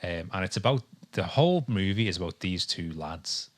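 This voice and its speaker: An animated man with a deep voice speaks at normal speed, co-hosting a casual podcast from his home in England with a dog nearby. His talk rambles, full of ums and restarts.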